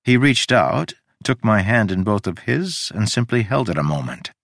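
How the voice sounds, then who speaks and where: Male story narrator, low and lively, measured, dry close mic. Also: vocal fry, dry recording. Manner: measured and descriptive.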